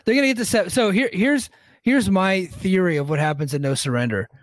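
A man hosting a casual wrestling recap podcast, relaxed, laughing often and swearing. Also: sits high, fairly quick, dry recording, clean studio sound. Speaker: podcast host recapping a show.

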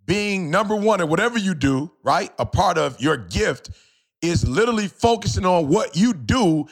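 A man's voice: high-pitched, expressive, moderate pace, creaky. A man, a motivational speaker and co-host, talking with fervent, preachy drive on a podcast, repeating lines for emphasis and calling out to listeners. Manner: addresses listeners directly as y'all. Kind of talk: passionate podcast talk.

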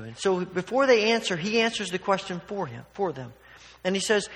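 A man's voice: high voice, big pitch swings, moderate pace, a bit bright. A man preaching a sermon in a conversational, emphatic way, acting out the quotes he reads. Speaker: pastor. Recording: long hall reverb.

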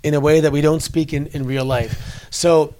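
A man's voice: a little high, steady tone, moderate pace, dark tone. A man in his forties from Canada, a former wrestler, telling stories in a casual interview at a convention and restarting his sentences often. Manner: chatty storyteller with many restarts. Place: wrestling convention in New York.

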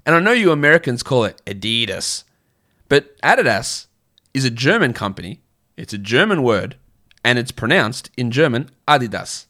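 An Australian man in a middle-pitched voice hosts a casual livestream. He talks in a chatty, blunt way, answering viewer questions with frequent restarts and filler words. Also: big pitch swings, brisk, bright, forceful tone. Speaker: fantasy basketball livestream host.

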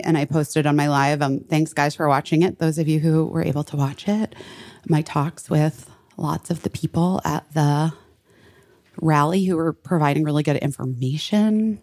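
A woman with a notably low voice chats casually on a podcast recorded in a friend's home. She swears freely and talks in loose, trailing phrases. When something amuses her, her pitch leaps way up. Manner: chatty, swears freely, big pitch swings when animated. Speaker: podcast co-host. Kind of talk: casual chat. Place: friend's house, indoors.

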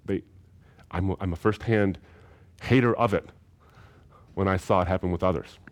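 A man delivers a recorded seminary lecture in a fairly low voice. He talks emphatically, and he often repeats a phrase to drive the point home. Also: normal speed.

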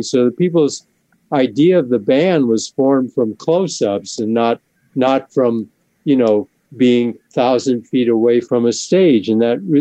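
A man's voice: mid-range voice, warm tone, no echo, lo-fi sound. A man, a band member, speaking hesitantly and self-deprecatingly in a casual interview.

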